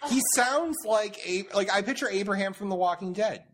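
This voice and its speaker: A woman's voice: medium pitch, brisk. A woman co-hosting a podcast, chatting bluntly and emphatically in a casual group talk. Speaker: podcast co-host.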